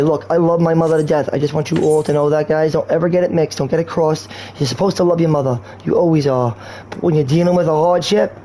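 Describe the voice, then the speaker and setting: A man's voice: on the high side, mellow, slight background noise. A man streaming a game, talking in a slangy, rambling and erratic way. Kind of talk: rambling casual stream talk.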